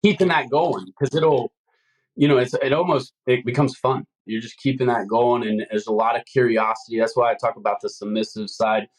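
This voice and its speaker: A man's voice: medium pitch, fairly even intonation, moderate pace, low-quality recording. A man talking as a guest salesman in a casual interview, earnest and rambling with lots of fillers. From Ohio. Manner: earnest, rambling, many "you know" fillers. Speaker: home services salesman, guest.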